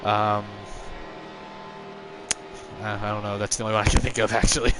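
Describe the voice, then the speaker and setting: In a very noisy recording, a tired young man with a fairly low voice speaks at normal speed. He's streaming a racing game over a headset mic, chatting casually, rambling in a relaxed way and answering viewers' messages.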